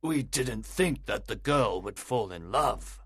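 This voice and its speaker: Brief: guilty stepfather for an audiobook, stiff then blustering, bright sharp tone, a man doing the voice. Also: mid-range voice, expressive, slow pace, slightly rough, dry recording, clean studio sound, voice pushed up, full character voice. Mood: pleading. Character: nervous defensive middle-aged stepfather. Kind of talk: audiobook reading.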